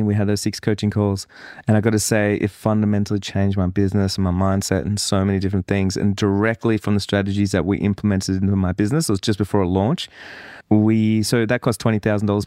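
Candid, rambling low-voiced man. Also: darkish tone, no echo, clean studio sound. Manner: candid, rambling, self-reflective. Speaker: podcast host. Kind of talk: casual solo podcast monologue.

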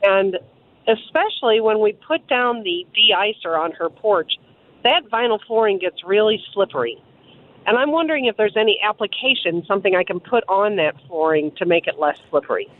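A woman's voice: medium pitch, lively intonation, normal speed. A woman calling in to a radio show to ask a practical question, speaking politely and earnestly over the telephone. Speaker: caller. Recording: tinny phone line.

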